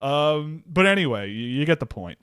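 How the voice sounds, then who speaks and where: A man's voice: on the high side, very animated, moderate pace, fairly bright tone, clean tone, no echo. A young man co-hosting a casual hockey chat show, rambling through anecdotes and often cutting himself off mid-sentence. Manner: rambling, storytelling, self-interrupting. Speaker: podcast co-host.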